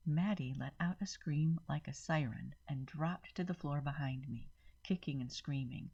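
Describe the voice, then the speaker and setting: Low husky woman narrating a story. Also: normal speed, highs cut off. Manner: steady first-person reading.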